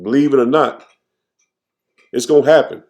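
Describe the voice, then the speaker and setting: A man teaching scripture informally, tagging nearly every phrase with "man" and reading verses slowly with restarts. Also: medium pitch, a little mellow. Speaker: preacher.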